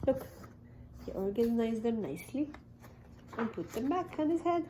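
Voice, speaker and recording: A woman preschool teacher reading a picture book aloud to toddlers, animated, with gasps and sudden whispers. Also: on the high side, normal speed, slight background noise. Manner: animated, gasping, dropping to whispers.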